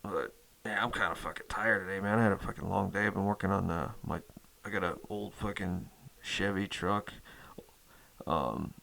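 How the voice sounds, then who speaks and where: Gravelly, heavily cursing casual male host. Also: deep voice, normal speed, pushed and bright. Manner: rambling, swears constantly, many fillers. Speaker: host of a metal music channel. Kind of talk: casual chat to camera.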